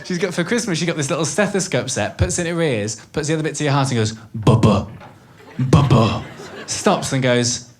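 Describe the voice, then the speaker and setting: A Welsh stand-up comedian in his thirties, fairly high-pitched and fast, does a chatty, sweary set, working the crowd from a comedy club stage. The live recording picks up audience noise.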